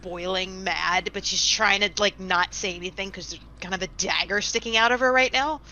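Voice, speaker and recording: A woman's voice: mid-range voice, normal speed, pushed and bright, low-quality recording. A woman speaking casually and playfully as a player at a tabletop game. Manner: playful, giggly.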